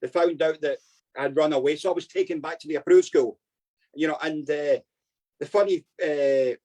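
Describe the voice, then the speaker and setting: An older Scottish man tells long, rambling stories as an interview guest. His voice sits fairly high for a man, and he keeps checking in with his listener as he goes. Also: normal speed, dark tone, poor audio. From Scotland. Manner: rambling anecdotes, frequent "you know what I mean". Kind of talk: storytelling interview.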